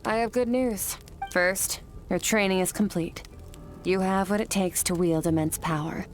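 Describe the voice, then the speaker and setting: An actress voicing an aloof, powerful swordswoman mentor who speaks calm, clipped and matter-of-fact. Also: medium pitch, a little slow, faint music behind, lightly acted. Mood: cool.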